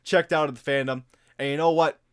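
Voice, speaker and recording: A man's voice: on the high side, fairly even intonation, fairly quick, fairly bright tone, smooth. Sarcastic young man doing commentary. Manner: sarcastic, exasperated, repeats words. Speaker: commentary YouTuber. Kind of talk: casual commentary.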